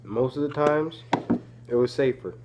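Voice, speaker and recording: A man's voice: mid-range voice, unhurried. A man chatting casually as a co-host, chiming in with short remarks. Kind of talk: casual chat. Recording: dull, slightly noisy recording.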